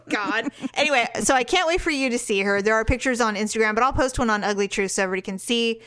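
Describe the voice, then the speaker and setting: A woman co-hosting a podcast, chatting casually and telling animated stories with frequent laughs. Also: fairly high pitch, fast. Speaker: podcast co-host. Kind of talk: casual chat.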